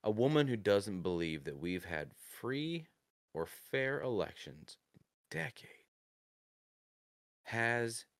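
A man with a deep voice rants with profane sarcasm on a podcast. The sound is dry and close, with no room around it. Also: sing-song, takes it slowly, pauses often, no room sound. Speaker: podcast co-host. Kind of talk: casual political chat.

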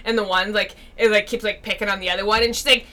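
A woman co-hosting a podcast in casual chat, loud and joking, with plenty of swearing. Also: medium pitch, fairly even intonation, fast talker, low-quality recording. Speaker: podcast co-host.

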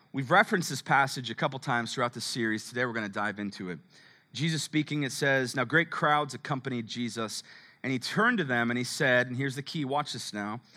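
A male pastor preaching a sermon in a lively, conversational way, calling out to the congregation and reading scripture aloud. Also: medium pitch. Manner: energetic, calls out to the congregation; conversational with fillers.

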